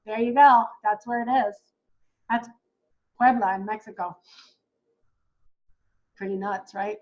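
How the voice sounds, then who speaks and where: A woman coaching new travel agents in a casual, excitable way, talking straight to viewers as "guys". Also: mid-range voice, measured pace, dull audio. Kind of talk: casual teaching while screen-sharing.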